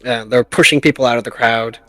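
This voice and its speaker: A man's voice: medium pitch, fairly even intonation, fairly quick, fairly bright tone, dry recording. A man in a mid-range voice runs a tabletop game in a loose, chatty way and laughs often at his own jokes. His voice is close and dry on the mic, with faint music underneath. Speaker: game master.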